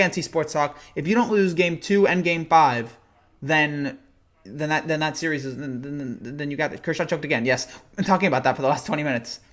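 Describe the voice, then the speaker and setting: A man's voice: fairly high pitch, a bit bright. A young man hosting a late-night sports live stream, tired, rambling and teasing as he answers chat comments.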